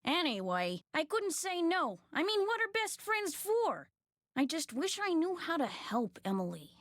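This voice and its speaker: A nasal, chatty old-time innkeeper. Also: female voice, very high voice, sing-song, a little slow, a bit bright, no echo, studio quality, heavily acted. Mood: folksy chatty. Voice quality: nasal, odd old-fashioned accent. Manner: folksy, talkative, period slang. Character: chatty female innkeeper and guardian, folksy. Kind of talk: video game voice acting.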